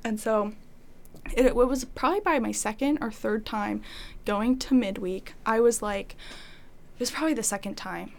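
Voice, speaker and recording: A young woman with a somewhat high voice tells a personal story in a loose, conversational way. She rambles and leans on fillers, often slipping into her past self's thoughts as she talks. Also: normal speed, creaky. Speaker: interviewee sharing her faith story. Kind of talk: casual testimony conversation.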